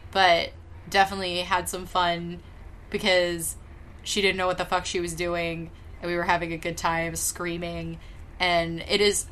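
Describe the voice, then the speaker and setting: Woman co-host, bright voice, animated storyteller, casual chat. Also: lowish voice, slight background noise. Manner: animated, laughing storyteller who swears casually. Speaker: podcast co-host.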